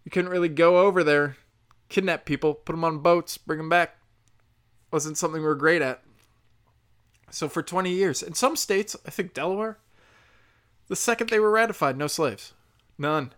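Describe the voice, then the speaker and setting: A speaker in a profane comedic rant, sarcastic, swinging loud and high then low and muttered. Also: moderate pace, long pauses. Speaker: solo commentator.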